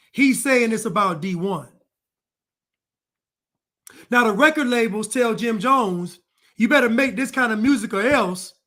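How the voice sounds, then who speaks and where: Male commentator, high voice, emphatic and repetitive, solo opinion monologue. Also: sharp tone. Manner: emphatic and repetitive, hammering points home. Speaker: online commentator.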